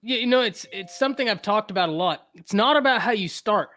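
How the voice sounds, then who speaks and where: A high-pitched man hosts a laid-back sports talk show. He jokes, stays lively, and repeats his points for emphasis. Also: quick pace. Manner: animated, joking, repeats phrases for emphasis.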